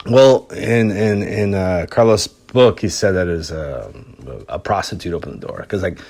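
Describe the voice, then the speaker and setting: A man hosting a podcast, telling a story in a relaxed, rambling way, swearing freely. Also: low voice, normal speed, vocal fry. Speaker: podcast host.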